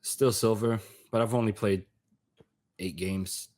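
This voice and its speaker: Laid-back low-voiced male co-host. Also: a little slow. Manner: relaxed, laid-back slang. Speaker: podcast co-host. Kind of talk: casual chat.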